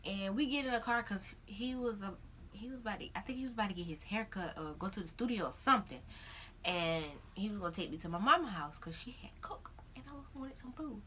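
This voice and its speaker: A young woman telling a personal story in a casual vlog, animated, acting out the voices of others. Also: fast talker. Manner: animated, acts out her own crying in high-pitched quotes. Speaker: vlogger. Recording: faint background noise.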